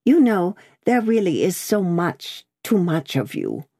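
Brief: a careful, polite old clerk, read by a woman in a low, lively voice. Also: unhurried, breathy edge, exaggerated voice. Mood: polite, firm. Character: fussy, mild older male bank clerk. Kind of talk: audiobook character voice.

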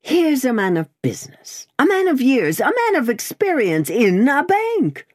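A woman voicing a blustering, proud middle-aged male lawyer who speaks slowly and emphatically, as a character in an audiobook. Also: high voice, wildly swooping pitch, no room sound, studio quality, voice pushed up, full character voice. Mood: indignant.

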